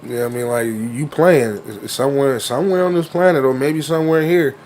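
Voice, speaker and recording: A laid-back man co-hosting a casual podcast. He tells his story in an unhurried, low-key way. His pitch sits at an average level. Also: darkish tone, slight background noise. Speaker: co-host.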